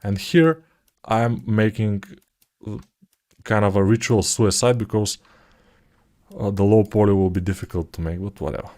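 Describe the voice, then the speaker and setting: A man in his forties talks through a live 3D modeling tutorial in a low-key way, murmuring quietly as he concentrates and dropping in joking asides. He speaks at normal speed with long pauses.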